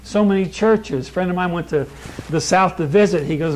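A man preaching a sermon in a plain American voice, emphatic, building lists with rising stress and slowing down for key lines. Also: sits high, a little mellow, a little hiss or hum, low-quality recording. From born in Kentucky, raised in California.

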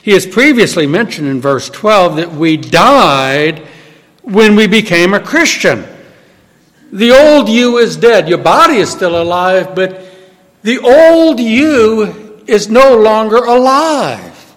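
High lively preacher guy, swoops up and down a lot, long echo from a hall. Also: takes it slowly. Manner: emphatic, swinging from loud to hushed. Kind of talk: sermon.

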